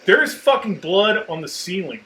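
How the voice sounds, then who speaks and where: Bright-voiced, profane storytelling man. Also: high voice, big pitch swings, moderate pace. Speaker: podcast host, Marine veteran. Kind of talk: casual storytelling chat.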